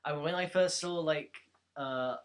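Young guy co-hosting a chat, chatty, laughs a lot, mid voice. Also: fairly high pitch. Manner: chatty, laughs often, quick asides. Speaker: podcast co-host. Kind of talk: casual chat.

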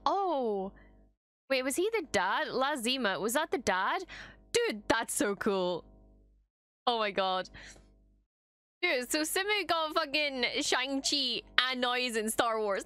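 Excitable young woman reacting, high lively voice. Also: no echo. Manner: excitable, gasping, swears often. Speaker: reaction streamer. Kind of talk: casual reaction commentary. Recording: episode soundtrack playing loudly behind.

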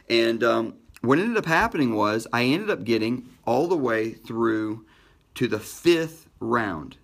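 A middle-aged man hosting a motivational podcast, telling a personal story with energy and emphatic shifts in pitch and pace. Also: lively intonation, slow pace, gravelly, fairly bright tone.

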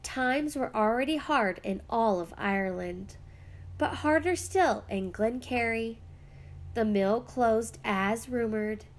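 Female reader, children's picture book, expressive, fairly high voice. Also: slow pace. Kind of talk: reading a picture book aloud.

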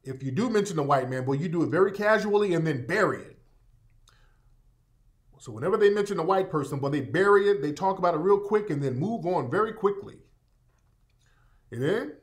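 A man's voice: on the high side, expressive, a little fast, long pauses. A man hosting a live broadcast in a loose, conversational way. He repeats his points and talks straight to his listeners, calling them family. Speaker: radio show host. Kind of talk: casual live broadcast talk.

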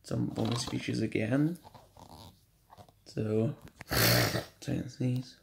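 A man at home casually showing off his DVD collection, reading out running times in a halting, stumbling way. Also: mid-range voice, vocal fry. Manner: shouts at noisy kids, then apologizes. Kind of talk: casual home video show-and-tell. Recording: faint background noise.

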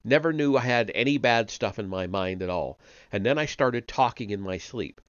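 A man's voice: mid-range voice, animated, moderate pace, dry recording, lo-fi sound, lightly acted. A man reading aloud and voicing a frightened, servile, middle-aged male prisoner who pleads eagerly and talks sanctimoniously.

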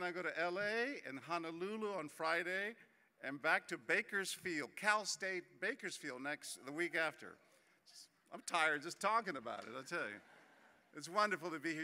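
Bright-voiced man giving a keynote. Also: a little high. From Texas. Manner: chatty, jokey storyteller turning earnest. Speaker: keynote speaker. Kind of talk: conference keynote speech. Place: large conference hall. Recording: reverberant hall.

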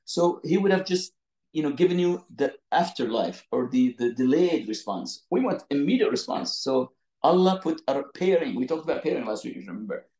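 A man teaching an online Quran lesson over a video call from his phone, explaining with lots of repetition and quick restarts. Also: medium pitch, expressive, mellow, echoey room, low-quality recording. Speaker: Islamic teacher.

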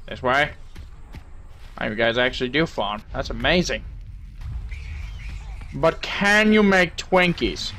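Young guy doing game commentary, cracks crude jokes at the characters, high bright voice that jumps all over. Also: animated, unhurried, long pauses, a little hiss or hum. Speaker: gaming channel host.

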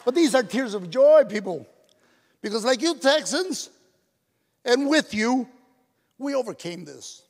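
A man's voice: very high-pitched, lively intonation, unhurried, long pauses. An older man giving a tearful, storytelling award speech at a banquet, slipping into his mother's voice. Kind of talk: stand-up style speech at a banquet. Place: hotel ballroom. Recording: echoey hall, PA system.

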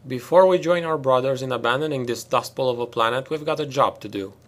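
Audiobook: man voicing a tough, sardonic female lieutenant, clipped, loud, commanding. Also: medium pitch, quick pace, lightly acted. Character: stern hard-edged female marine lieutenant. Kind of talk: audiobook character reading.

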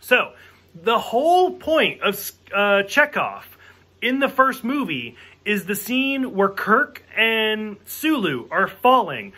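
A man's voice: high voice, sing-song, takes it slowly, bright, forceful tone. A man reviewing a movie in a casual rant, exasperated and swearing, acting out the characters' lines as he goes. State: drinking while reviewing.

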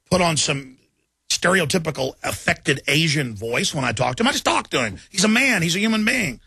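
A man's voice: on the high side, vocal fry, bright, forceful tone, husky, no echo. A man hosting a talk radio show, ranting emphatically and repeating himself for force.

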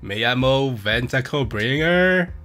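Bright, unhurried young man streaming. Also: medium pitch, expressive, faint music behind. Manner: teasing, goofy, reads chat questions aloud and jokes. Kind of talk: playful live-stream chat, impersonating another streamer.

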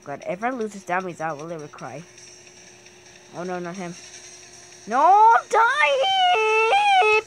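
A woman hosting casual gameplay commentary, talking to herself while she plays and bursting into excited shrieks and yelps. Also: fairly low pitch, fairly quick, long pauses, noisy background. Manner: talks to herself while playing. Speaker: gaming channel host.

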